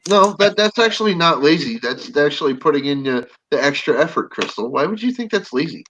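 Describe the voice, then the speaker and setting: A man's voice: a little high, animated, brisk, fairly bright tone, muffled recording. A man hosting a livestream panel in casual chat, joking and laughing often. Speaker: livestream host.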